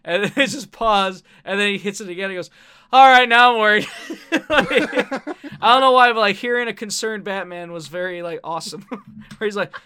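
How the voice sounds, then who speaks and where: A young man with a high, bright, clear voice, recorded close and dry. He chats loosely about a film, laughing a lot and cursing freely as he retells scenes. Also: a little fast. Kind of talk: casual movie chat.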